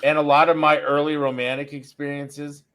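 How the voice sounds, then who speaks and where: Middle-aged male podcast host, casual and rambling, stops and restarts often, a bit high-pitched. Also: little pitch movement, moderate pace, fairly bright tone, smooth. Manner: rambling, self-interrupting storyteller. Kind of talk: casual chat.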